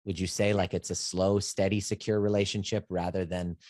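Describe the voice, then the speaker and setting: A man hosting a podcast, interviewing a client in a calm, reflective, affirming way. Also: deep voice, a little fast, dry recording, clean studio sound. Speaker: podcast host and coach. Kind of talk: interview and promo outro.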